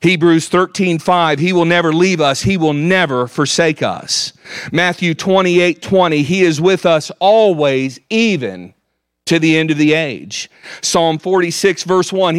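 A man's voice: fairly high pitch, clean tone, no room sound, studio quality. A man preaching a sermon, earnestly quoting scripture. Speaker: pastor.

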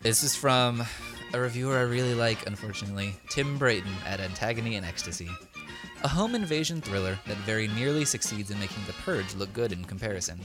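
A man co-hosting a casual film podcast, briskly running a quiz game. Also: fairly low pitch, lively intonation, music in the background. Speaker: podcast co-host and quizmaster.

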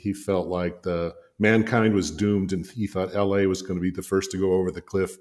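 Older man, guest storyteller, low voice, rambling, chuckles, lots of fillers. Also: little pitch movement, moderate pace, darkish tone. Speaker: guest, designer and author. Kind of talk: anecdotal storytelling in conversation.

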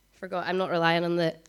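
A woman, giving a conversational sermon at a church service, talking fast with frequent ums. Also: fairly low pitch. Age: 20s. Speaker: preacher.

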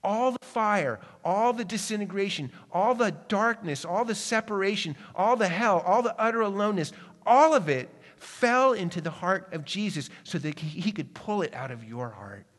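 A man preaching a sermon, moving from quick, urgent passages to slow, hushed ones. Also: sits high, animated. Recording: long hall reverb.

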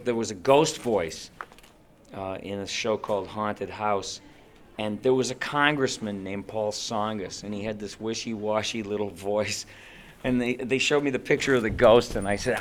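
Casting: lively male voice actor, bright and forward, tells stories with voices. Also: mid-range voice, a little hiss or hum. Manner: animated, acts out voices and screams. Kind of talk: interview storytelling.

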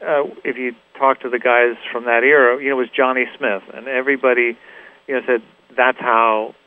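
A middle-aged man, a guitarist guest in a radio interview, telling stories in a relaxed, rambling way with many fillers and restarts. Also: medium pitch, fairly quick, narrow, tinny audio. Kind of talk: casual interview storytelling.

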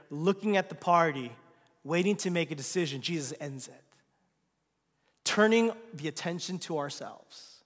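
Pastor, male, high voice, preaching with strong swings from emphatic to hushed, long hall reverb. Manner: swings from loud emphatic lines to hushed, near-whispered asides. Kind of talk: sermon.

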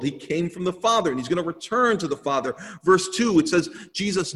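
This male pastor's voice runs on the high side with a fairly bright tone. He preaches an earnest, emphatic sermon in a church sanctuary, leaning on repeated phrases, and the sound echoes with long hall reverb.

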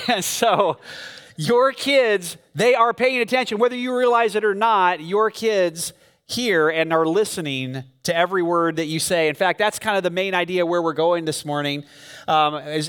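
High-voiced man preaching in a reverberant hall. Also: normal speed, a bit bright, clean tone. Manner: conversational storytelling with frequent fillers. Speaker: pastor. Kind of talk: sermon. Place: church sanctuary. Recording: long reverb of a large hall.

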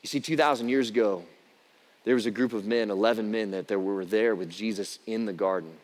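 A man's voice: fairly low pitch, brisk. A male pastor preaching in a reverberant hall. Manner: conversational storytelling, rising to emphatic peaks. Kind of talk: sermon.

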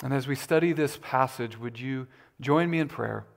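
A man preaching a sermon as pastor, deliberate and emphatic, his voice lifting when he makes a point. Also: medium pitch, vocal fry.

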